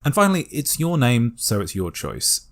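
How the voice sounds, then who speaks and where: A British man explaining a constructed language step by step in a calm, methodical tutorial voice. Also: mid-range voice, moderate pace. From Britain. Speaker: language teacher.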